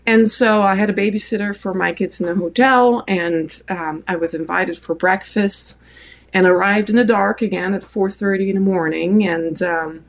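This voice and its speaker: A middle-aged woman with a French accent tells a long story in an interview, her voice gravelly with fry at the ends of phrases. She is animated and talks at a middling pitch. She keeps circling back with fillers and restarts. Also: normal speed. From France. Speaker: photographer guest.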